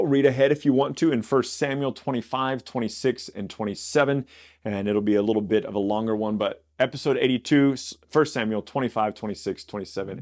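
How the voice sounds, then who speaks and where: A man's voice: lowish voice, darkish tone. A man reading scripture aloud and then explaining it in a conversational, informal way as host of a Bible study show. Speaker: Bible teacher.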